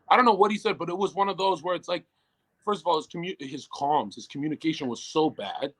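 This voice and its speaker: A young man, a guest in a casual interview, ranting with lots of swearing and swinging between muttered asides and loud outbursts. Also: a little high, fast, low-quality recording.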